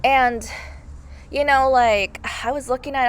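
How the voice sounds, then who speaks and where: A woman's voice: high voice, fairly even intonation, unhurried, clear, resonant tone. Gushing young woman reviewing a movie. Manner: gushing, heavy use of "like" and "oh my God". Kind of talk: casual spoken movie review.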